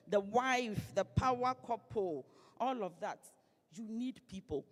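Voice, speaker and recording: A woman gives a lively, playful motivational speech to an audience. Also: medium pitch, in a large hall. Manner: lively, playful, acts out quoted voices. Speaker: guest speaker.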